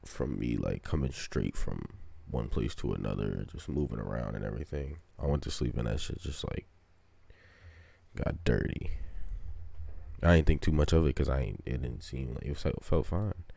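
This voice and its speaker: A man's voice: very deep voice, lively intonation, moderate pace, vocal fry, mellow, husky, dry recording. A young man telling stories in casual podcast chat, slangy and profane, often quoting himself. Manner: slangy, profane storytelling with quoted asides. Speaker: podcast co-host.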